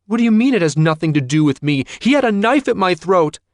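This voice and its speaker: A man voicing a sharp, indignant young woman confronting her father. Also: mid-range voice, sing-song, moderate pace, dry recording, clean studio sound, pitched above the performer's own voice, natural voice. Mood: angry. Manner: indignant, accusing.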